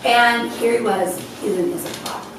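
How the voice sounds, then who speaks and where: A woman shares her story at a gathering, her voice a touch high and heard from a distance. The room is very echoey, with clear noise underneath. She gets emotional and laughs through tears as she talks. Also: normal speed. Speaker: speaker at a health event. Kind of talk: personal testimony talk. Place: event hall.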